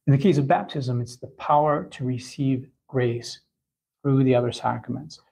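Gravelly-voiced man teaching catechism. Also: medium pitch, darkish tone, low-quality recording. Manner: halting, many restarts and fillers. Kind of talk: spoken catechism lesson.

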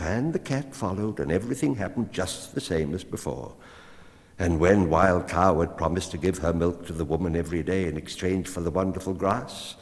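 A man with a lowish voice reads a storybook aloud in a rhythmic, expressive way, letting his pitch roam widely. A long reverb trails the words, as in a large hall. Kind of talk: storybook reading.

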